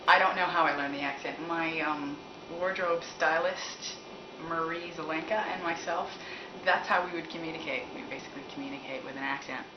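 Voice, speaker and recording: A woman's voice: sits low, steady tone, a little fast, hardly any pauses. A woman from Canada, a musician, answering fan questions in a rambling, candid way and laughing often. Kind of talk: casual chat. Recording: roomy, dull, noisy recording.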